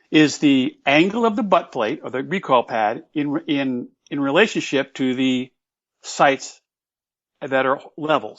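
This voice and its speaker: A man's voice: medium pitch, a bit bright. A man guest explaining technical details earnestly in an interview, and he admits that he tends to ramble. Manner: earnest, explanatory, self-aware about rambling. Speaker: guest, shotgun expert. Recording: slightly dull, lo-fi audio.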